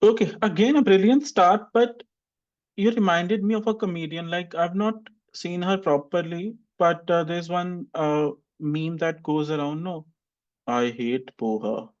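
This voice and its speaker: A man's voice: sits high, steady tone, measured pace, highs cut off. A man teaching an online English exam class and giving chatty, teasing feedback to students. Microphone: video call.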